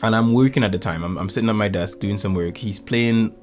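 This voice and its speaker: A man's voice: on the low side, fairly quick, soft background music. A man, telling stories in a casual chat and acting out the voices in them. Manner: animated storyteller, acts out quotes. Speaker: podcast guest.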